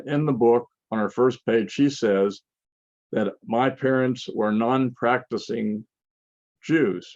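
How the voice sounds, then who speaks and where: An older man gives a conference talk with slides, pausing and restarting his phrases. His voice is low and gravelly with plenty of fry. The sound is dull and lo-fi, like a video call. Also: a little mellow, dry recording. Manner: halting, with frequent restarts and fillers. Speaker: conference speaker. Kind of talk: lecture with slides.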